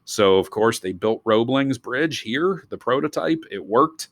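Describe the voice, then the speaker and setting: A man's voice: mid-range voice, lively intonation, measured pace, a bit bright, dry recording. A man teaching a recorded history lesson, talking in a loose, rambling way with digressive asides.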